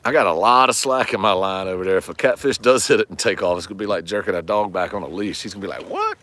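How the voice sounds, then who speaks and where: A man with a deep, pushed, bright voice speaks at a quick pace. Filming on a phone camera from a lake shore, he chats and jokes with viewers during a casual fishing livestream.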